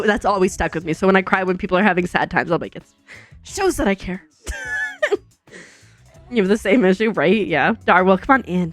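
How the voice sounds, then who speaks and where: A young woman streaming from home, chatting casually with viewers, bubbly and chatty, full of "like" and quick laughs. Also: medium pitch, no room sound. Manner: says "like" a lot. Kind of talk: casual chat with chat readers. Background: soft background music.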